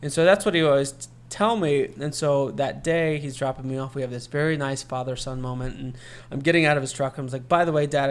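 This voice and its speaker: A man co-hosting a podcast and telling a personal story at length in easy, casual chat. His voice sits at an ordinary pitch for a man. He acts out the voices of the people he quotes. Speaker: podcast co-host.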